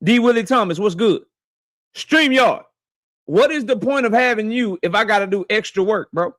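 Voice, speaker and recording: A man hosting a boxing live stream from his office, talking loose and profane and shouting out viewers by name. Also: sits high, lively intonation, normal speed, no room sound, clean studio sound. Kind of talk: casual live-stream chat. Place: home office.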